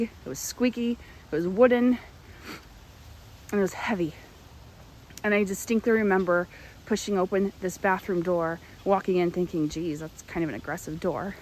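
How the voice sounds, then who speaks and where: A young woman telling a personal testimony in an animated storytelling manner. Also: on the low side, a little hiss or hum.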